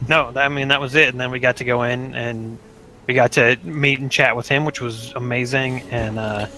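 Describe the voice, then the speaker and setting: A man co-hosting a podcast, recounting a story in a relaxed, rambling way. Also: mid-range voice, normal speed, poor audio. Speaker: podcast co-host. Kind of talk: casual storytelling chat.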